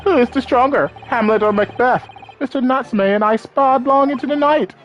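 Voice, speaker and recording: A woman voicing an eccentric, Shakespeare-quoting gentleman lodger in a game let's play, declaiming in a theatrical, archaic manner. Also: sits high, normal speed, lo-fi sound, soft background music, natural voice. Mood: grandiloquent.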